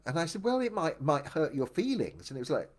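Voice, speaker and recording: Recounting his life in a relaxed, meandering, thoughtful manner, an older man often begins sentences over again. He speaks a little high and a little fast, his pitch swooping wildly.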